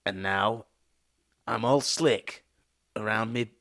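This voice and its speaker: A man putting on a sleazy, slow seductive voice. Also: sharp tone, no echo, studio quality, heavily acted. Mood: leering. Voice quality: low, slow, crude crooning.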